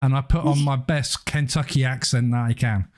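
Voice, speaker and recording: A man's voice: mid-range voice, fairly even intonation, normal speed, a little mellow. A man playing in a tabletop game, joking around and describing his character's actions in a playful way. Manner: jokey, playful, describes actions in first person. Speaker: player. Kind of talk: casual tabletop play.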